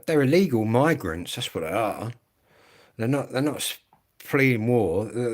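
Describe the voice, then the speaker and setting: An English man in his fifties ranting bluntly and swearing a lot in a live stream monologue. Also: mid-range voice. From England. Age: 50s. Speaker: livestreamer.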